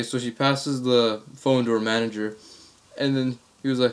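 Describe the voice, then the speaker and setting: A young man tells stories from his life to the camera in a loose, rambling way with plenty of crude slang. His voice sits at a middling pitch for a man. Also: steady tone, moderate pace. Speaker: vlogger. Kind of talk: casual comic storytelling.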